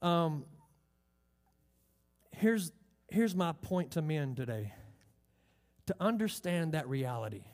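A man's voice: fairly high pitch, animated, takes it slowly, long pauses, a little mellow. A man preaching a sermon, emphatic, drawing out key phrases and asking the congregation questions. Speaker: pastor.

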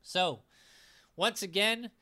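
A man's voice: high voice, slow pace, pushed and bright. A man acting as game master, casually recapping a tabletop game session and reading out the players' lines, with fillers and restarts.

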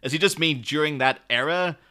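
A man's voice: on the high side, brisk, sharp tone, clear, resonant tone. A man co-hosting a casual podcast chat, rambling informally with lots of fillers. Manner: rambling, informal, laughs easily. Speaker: podcast co-host.

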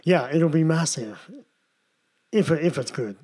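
A man co-hosting a podcast, talking films in a relaxed, rambling way with lots of fillers. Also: fairly high pitch, takes it slowly. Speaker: podcast co-host. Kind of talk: casual film chat.

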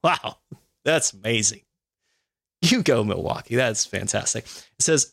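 A man's voice: medium pitch, lively intonation, a little slow, gravelly, long pauses, a bit bright, dry recording, clean studio sound. A man co-hosting a podcast, reading news stories aloud and adding sarcastic, profane comments and laughs. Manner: sarcastic, laughs often, swears.

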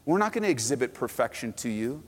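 Lively male pastor in a reverberant hall. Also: medium pitch, fast talker, slightly rough. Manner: animated, acts out quoted voices, asks the crowd. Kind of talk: sermon. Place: church sanctuary.

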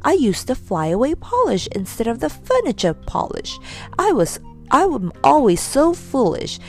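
Silly meek servant guy, simple and earnest, sing-song and a bit higher, as a woman reads him, faint music in the back. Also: huge pitch swings, a little slow, exaggerated voice. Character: foolish, meek, good-natured male servant.

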